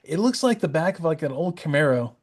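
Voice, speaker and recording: Chuckling man, slightly high voice. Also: expressive, a little fast. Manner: chuckles often, rambling with fillers. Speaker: podcast co-host. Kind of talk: casual comic-book chat.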